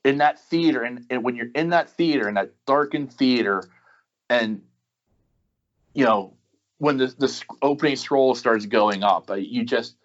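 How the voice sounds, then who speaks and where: A man's voice: medium pitch, unhurried, highs cut off. A man, a podcast guest, talking casually and enthusiastically with many restarts and fillers. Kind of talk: casual chat.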